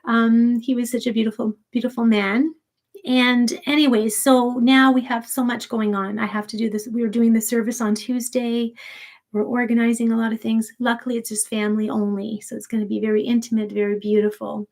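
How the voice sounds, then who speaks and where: Soft-spoken woman hosting a livestream. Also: a little high, little pitch movement, brisk. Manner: soft-spoken, rambling with many restarts. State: grieving, holding back tears. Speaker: sleep story channel host. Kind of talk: casual livestream chat with viewers.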